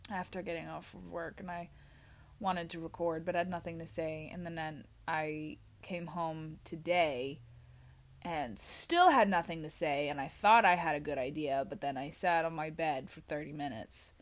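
A young woman vlogging in a rambling, scattered way, goofy and self-mocking, with sudden loud outbursts. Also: deep voice, measured pace. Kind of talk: rambling casual monologue.

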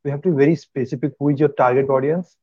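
A man's voice: on the high side, fairly even intonation, very fast, no echo, dull audio. A man hosting an interview, asking hesitant questions full of fillers. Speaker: host. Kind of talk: casual interview.

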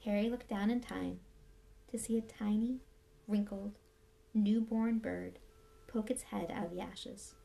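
Woman reading a novel aloud, expressive. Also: medium pitch, vocal fry. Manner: expressive, measured storytelling. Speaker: reader.

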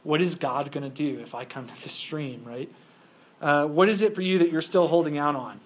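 A man's voice: fairly high pitch, moderate pace. A male pastor preaching a sermon in a conversational way, full of rhetorical questions.

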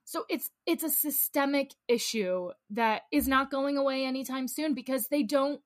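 A woman's voice: high voice, moderate pace, no echo, studio quality. A woman co-hosting a podcast in casual chat, ranting with rising anger. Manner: fired-up, rants and acts out angry scenes. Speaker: podcast co-host.

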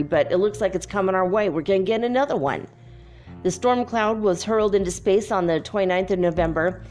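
A young woman telling a story in a casual monologue, dreamy and full of "like" fillers. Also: a little mellow. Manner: dreamy, many "like" fillers, quotes others in a higher voice. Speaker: spiritual vlogger.

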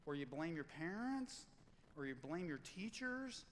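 A man preaching a sermon as pastor, in a conversational, animated way, acting out quotes and stories. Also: a little high, a little slow, big-room sound, a little hiss or hum, low-quality recording.

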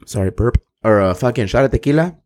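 A man's voice: mid-range voice, lively intonation, fast talker, a little mellow. A man, co-hosting a podcast in casual chat, joking and swearing freely. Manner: joking, profane, drops Spanish slang. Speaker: podcast co-host.

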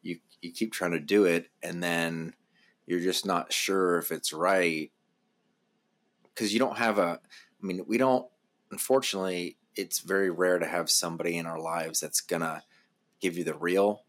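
Very deep-voiced reflective man. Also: steady tone, moderate pace, fairly bright tone. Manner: reflective, thinking aloud with fillers. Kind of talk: casual podcast conversation.

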